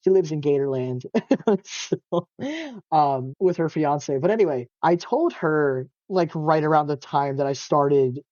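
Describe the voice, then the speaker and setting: A man's voice: on the high side, measured pace, darkish tone, no room sound. A young man talking casually as an interview guest, rambling with lots of fillers and restarts, open and emotional and laughing often. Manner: rambling, many fillers and self-corrections. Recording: dull, muffled lo-fi recording.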